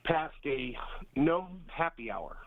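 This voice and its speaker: A man's voice: mid-range voice, big pitch swings, no room sound. Rambling male caller on a phone line. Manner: rambling, halting storyteller. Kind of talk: telling a personal story on air. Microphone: telephone.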